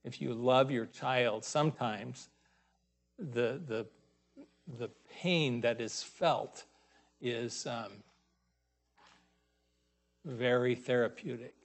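A man preaching a sermon, pausing often and raising his voice to stress scripture readings. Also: medium pitch.

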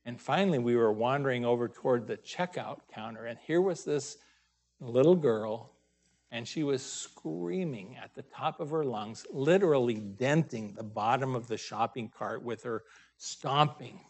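Man, preacher, sermon, slow delivery, mid pitch, emphatic scripture reading. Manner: unhurried, pausing often, stressing scripture loudly.

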